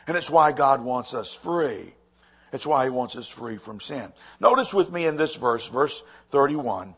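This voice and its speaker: Husky-voiced man preaching a sermon. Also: on the high side. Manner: earnest preaching, repeats phrases for emphasis. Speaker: pastor.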